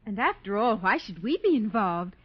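An actress playing an anxious young heiress in a 1940s radio drama, talking hesitantly and pleadingly. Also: female voice, medium pitch, big pitch swings, normal speed, slightly rough. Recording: muffled old radio broadcast.

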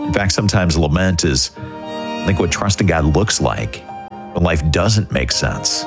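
A man's voice: low-pitched, lively intonation, unhurried. A man speaking earnestly and reflectively as the speaker of a short radio devotional, in a conversational tone. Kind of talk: gentle devotional talk. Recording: music bed behind voice.

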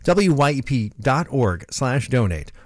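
A man's voice: medium pitch, very animated, a little slow, a little mellow, no room sound, studio quality. A man co-hosting a live radio pledge drive, explaining a matching gift in a friendly way. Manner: friendly, explanatory, repeats phone number and web address. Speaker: radio co-host. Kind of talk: live radio fundraising appeal. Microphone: studio microphone.

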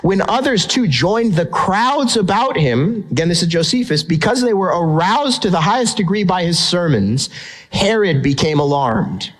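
A middle-aged man delivers a sermon from the pulpit. His voice sits a little high for a man. He preaches with animated emphasis and leans on rhetorical questions to draw listeners in. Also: moderate pace, low-quality recording. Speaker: pastor.

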